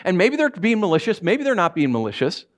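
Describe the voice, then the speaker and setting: Male pastor, informal sermon delivery, animated, laughs easily. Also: high voice, fast talker. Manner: informal, animated, laughs often, acts out quotes. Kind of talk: casual conversational sermon.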